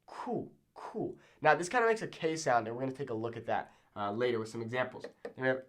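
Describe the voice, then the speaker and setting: A young man teaching a Spanish pronunciation lesson at a board, upbeat, repeating words slowly and checking in with "okay?" after each one. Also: medium pitch, expressive, a bit bright. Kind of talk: whiteboard language lesson. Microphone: camera in a classroom-style setup at a board.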